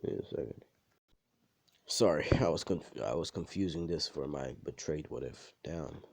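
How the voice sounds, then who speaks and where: A man's voice: a bass voice, normal speed, gravelly, a little mellow, slightly rough. A young man casually telling an improvised fan story, rambling and profane with lots of filler and slang. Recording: dull lo-fi home recording.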